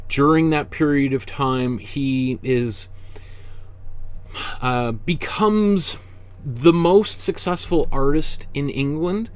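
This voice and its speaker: A man leads a relaxed online painting lesson, speaking casually with plenty of fillers. He drifts into side stories and catches himself mid-sentence, keeping an informal, conversational teaching tone. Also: fairly high pitch, slow pace, clean tone. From Canada. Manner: rambling, self-correcting, chatty with frequent fillers. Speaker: art instructor.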